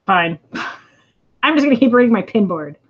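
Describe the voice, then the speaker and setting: A woman's voice: mid-range voice, lively intonation, measured pace, breathy edge. A young woman co-hosting a casual chat, giggling as she reads funny online posts aloud. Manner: giggly, chatty. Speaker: co-host. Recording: dull lo-fi sound.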